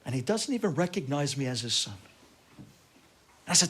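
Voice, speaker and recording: Animated rabbi telling a story. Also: male voice, on the high side, fast talker, pauses often. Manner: acts out quoted voices, shouting and exclaiming.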